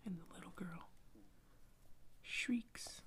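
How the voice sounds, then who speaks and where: A woman telling an improvised bedtime story as whispered role-play, slow and soft. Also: lowish voice, steady tone. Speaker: ASMR storyteller.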